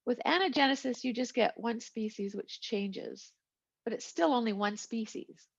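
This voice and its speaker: In a muffled, lo-fi recording, a woman lectures on biology with a conversational style full of asides and small jokes. She speaks at a moderate pace in a higher voice that's gravelly with a breathy edge.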